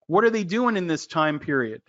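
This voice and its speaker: Excitable man teaching with a lo-fi sound. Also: fairly high pitch, a little fast. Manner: excitable, loud, jokey, quizzes listeners by name. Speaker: trading educator. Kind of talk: animated screen-share trading lesson.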